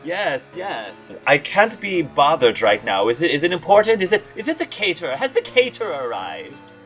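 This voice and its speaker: A pampered nobleman in a tabletop game, fussy and easily flustered, as a man puts him on. His voice climbs high and flutters wildly between notes. He gushes one moment and frets the next. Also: sing-song, moderate pace, a bit bright, soft background music.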